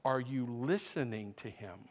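A male pastor preaching a sermon to his congregation, building to loud repeated questions. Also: mid-range voice, a little slow. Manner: preaching with rising, shouted questions. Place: church sanctuary. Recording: long reverb of a large hall.

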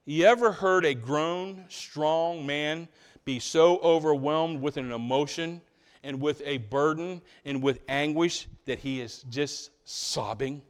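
A man preaches to his congregation in a fairly high-pitched voice. He swings between loud, stressed lines and quiet, low passages. He often stops to ask his listeners rhetorical questions. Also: slow pace. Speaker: pastor. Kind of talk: sermon.

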